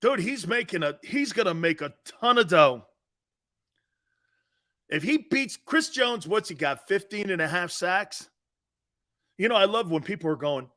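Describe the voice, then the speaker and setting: A brash middle-aged man running a live sports talk show. His voice sits high and swings widely as he argues, mocking pundits. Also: expressive, normal speed, fairly bright tone. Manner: laughs at his own points.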